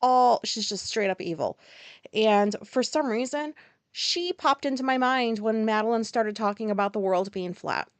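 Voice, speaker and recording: An American woman hosts a podcast and tells a rambling personal story, frank and casual, with plenty of fillers and swearing. Her voice is on the high side, clear and resonant, at a moderate pace, with no echo.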